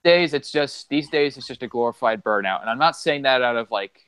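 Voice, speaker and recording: A man's voice: medium pitch, expressive, fairly quick, a bit bright, smooth, poor audio. A man co-hosting a casual gaming chat, rambling through game trivia with lots of fillers. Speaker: co-host.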